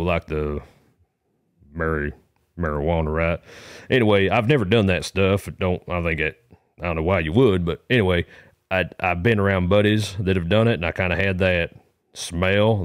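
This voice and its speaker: A man with a low, deep voice tells a long, wandering comic story as a caller. He drifts from point to point in a folksy way and uses rural grammar. The sound is close and dry. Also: normal speed, dry recording. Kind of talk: rambling comic monologue.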